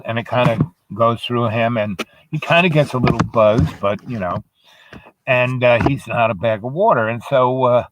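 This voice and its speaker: A man's voice: medium pitch, normal speed. A man telling a meandering story off the cuff, with many fillers and asides. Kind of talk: rambling spoken storytelling.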